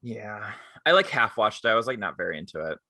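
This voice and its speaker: Lively, bright-voiced young man chatting. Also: lowish voice, fast, no echo, studio quality. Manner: animated storytelling, quotes people with voices. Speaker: podcast co-host. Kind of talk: casual chat.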